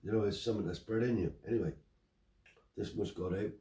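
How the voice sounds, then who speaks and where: Low dark-voiced older Traveller man, roomy. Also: fast. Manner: animated storyteller acting out dialogue. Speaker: interviewee, Romany Traveller. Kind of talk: casual storytelling chat. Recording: roomy, picked up from a distance.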